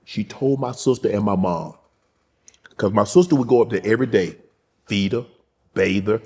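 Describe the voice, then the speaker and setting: A man hosting an interview, telling a heartfelt personal story slowly and quietly. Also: lowish voice, slightly rough. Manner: slow, heartfelt storytelling, dropping soft at emotional points. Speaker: host. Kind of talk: casual interview talk.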